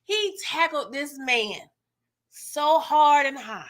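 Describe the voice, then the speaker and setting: A young woman hosts a live TV recap stream and chats casually with her viewers. Her voice is bright, forceful and a little high. She talks in a loose, slangy way and laughs often. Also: lively intonation, takes it slowly.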